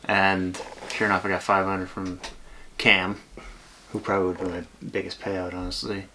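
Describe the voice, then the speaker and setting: Sitting low, his voice is pushed and bright, with a completely flat delivery at a moderate pace and a little hiss or hum in the background. As a podcast co-host he chats casually, a laid-back storyteller who drifts off with frequent fillers.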